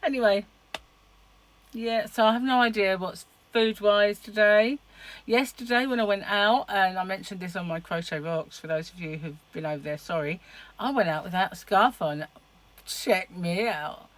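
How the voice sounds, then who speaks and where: A woman's voice: medium pitch, moderate pace, poor audio. A middle-aged woman chatting casually to camera in a rambling, laughing way. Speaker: vlogger.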